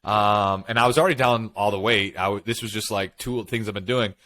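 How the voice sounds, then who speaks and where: A man's voice: lowish voice, a little fast. A man co-hosting a podcast, telling personal stories in casual chat and acting out what he and others said. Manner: animated storytelling, quotes himself and others. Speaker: podcast co-host.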